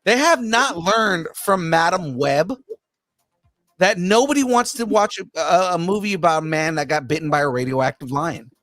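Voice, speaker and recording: Brief: male co-host, animated rant with laughs, higher voice, dry close recording. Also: normal speed, no echo, soft background music. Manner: ranting, laughs mid-sentence. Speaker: podcast co-host. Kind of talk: casual pop culture chat.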